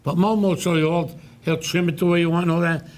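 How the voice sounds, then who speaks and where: A man's voice: on the high side, fast. Older New man telling stories. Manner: lively storyteller, loud impressions of shouting. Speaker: host. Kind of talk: casual chat, storytelling.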